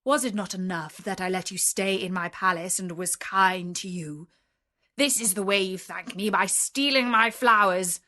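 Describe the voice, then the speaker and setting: A woman's synthetic storytelling voice reading the lines of a furious male beast from a storybook, loud and stern. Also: normal speed, close to an everyday voice. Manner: booming, stern commands. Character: huge angry male beast, furious and threatening.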